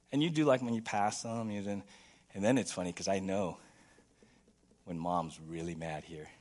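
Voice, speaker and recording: A man preaching a sermon as pastor in a church, playful and animated, acting out little scenes for the congregation. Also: high-pitched. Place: church sanctuary.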